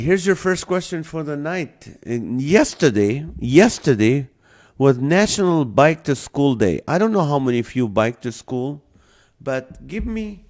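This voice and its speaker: The host of this live stream is a man who speaks English with a non-native accent, in a mid-range, somewhat mellow voice. Between items on a comedy list, he banters, laughs freely and says hello to viewers by name.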